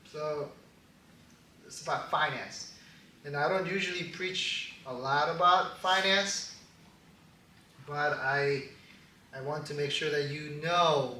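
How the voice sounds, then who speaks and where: A man preaching a casual sermon as pastor, animated and quick to laugh at his own jokes. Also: on the high side, a little hiss or hum. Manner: animated, laughing, joking asides. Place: church hall. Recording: echoey hall, distant mic.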